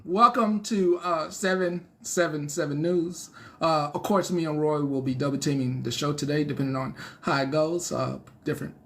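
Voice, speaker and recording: A man's voice: high voice, fairly bright tone. A man hosting a comedic news show in a loose, rambling monologue, laughing at his own jokes.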